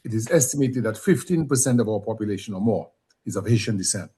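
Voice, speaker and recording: Husky-voiced man telling stories. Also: fairly low pitch, quick pace. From Dominica. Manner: storytelling, animated when quoting others. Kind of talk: conversational interview.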